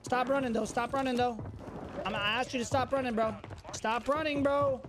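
A man's voice: very high voice, steady tone, a little fast, a bit bright, soft background music. A man streaming a shooter game, trash-talking other players in a swaggering, mock-menacing way and repeating his taunts. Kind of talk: trash-talking gameplay commentary.

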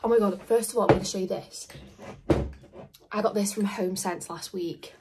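A woman's voice: mid-range voice, fairly quick, darkish tone. Chatty young woman vlogging. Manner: chatty, rambling, says "literally" and "like" often. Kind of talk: casual vlog chat. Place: outdoors on a dog walk, then at home indoors.

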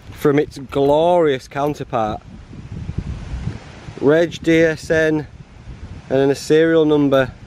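A man's voice: fairly high pitch, darkish tone, slight background noise. A middle-aged man vlogging a solo hike, chatting casually to camera with jokes and frequent laughs, outdoors and then inside a bothy. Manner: chatty, jokey, laughs often. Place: outdoors on a hiking trail, later inside a bothy.

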